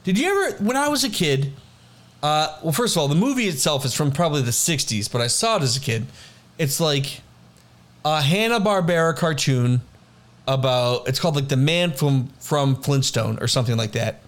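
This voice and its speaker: A man's voice: a little high, expressive, moderate pace. A young man co-hosting a casual chat, laid-back and rambling as he reads out trivia. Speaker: podcast co-host.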